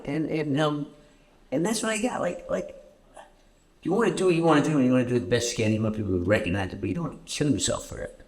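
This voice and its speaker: A man from Canada answering audience questions at a festival screening, halting and repeating words often as he tells stories. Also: fairly high pitch, expressive, darkish tone. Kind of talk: festival Q&A storytelling. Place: festival stage Q&A.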